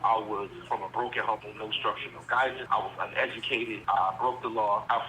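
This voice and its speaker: A man's voice: fairly low pitch, fairly even intonation, fairly quick, pushed and bright, a little hiss or hum, rough recording. A man in his forties from Virginia, talking earnestly and rambling a little in an interview, calling in by phone from prison. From Virginia, USA. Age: 40s. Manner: earnest, rambling, speaks plainly. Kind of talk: candid interview.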